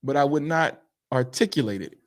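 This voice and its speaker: A man from Pittsburgh co-hosting a podcast, animated and opinionated, slipping into mimicked voices. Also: mid-range voice, brisk. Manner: animated, acts out quoted voices while ranting. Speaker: podcast co-host. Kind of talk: casual opinion chat.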